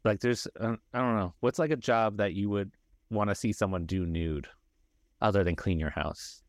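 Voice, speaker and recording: Low-ish guy co-hosting a podcast, rambly and sweary, dry sound. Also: steady tone, moderate pace, no echo. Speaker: podcast co-host. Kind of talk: casual chat.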